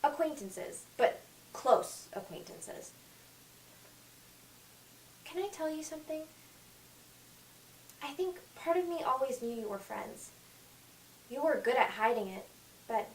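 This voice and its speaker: A woman acting an overeager, chatty teenage girl in an audition reading, talking in quick gushing bursts. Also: high voice, expressive, slight background noise. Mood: eager. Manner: rapid, overbearing chatter. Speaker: auditioning actress. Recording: echoey room, faint music, from far off.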